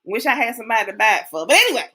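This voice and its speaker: High-voiced chatty woman host. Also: big pitch swings, rapid-fire, bright, forceful tone, slightly rough. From Texas. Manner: chatty, folksy, talks to viewers directly. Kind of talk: casual livestream chat.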